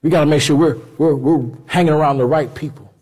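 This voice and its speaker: A man preaching a sermon in a conversational, animated way. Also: on the high side, fast, husky, in a large hall. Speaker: pastor.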